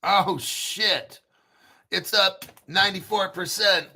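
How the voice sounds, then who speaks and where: Male crypto host, brash and profane, gravelly, bright edge, slightly higher voice. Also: takes it slowly. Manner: profane, brash, clears throat often. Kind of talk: casual livestream rant.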